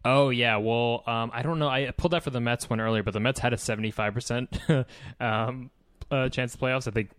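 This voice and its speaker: An easygoing young man co-hosting a podcast, rambling through his points in relaxed chat. His pitch sits in a middle range. The sound is dry and close-miked. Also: fairly quick, smooth, no echo. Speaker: podcast co-host. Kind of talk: casual chat.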